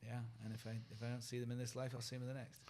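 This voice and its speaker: A soft-spoken British man in his forties gives a guest interview. He talks in an earnest, reflective way, often trailing off quietly. His pitch sits in an ordinary middle range. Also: completely flat delivery, very fast, slight background noise. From United Kingdom.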